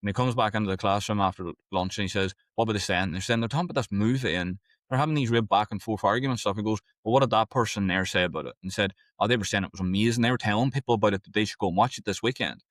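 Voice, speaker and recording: A man, a podcast host, telling an anecdote in casual conversation with quick, animated retelling. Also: lowish voice, dry recording, studio quality.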